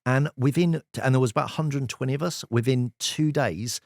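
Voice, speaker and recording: A man, a sales expert guest telling lively anecdotes in an interview. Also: mid-range voice, brisk, gravelly, no room sound, studio quality. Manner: lively storyteller, animated anecdotes. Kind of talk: casual storytelling interview.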